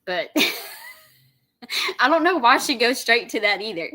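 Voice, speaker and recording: A woman's voice: fairly high pitch, lively intonation, slow, bright, forceful tone. A woman chatting casually on a stream, amused and laughing, cursing now and then. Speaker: streamer reacting. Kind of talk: casual chat.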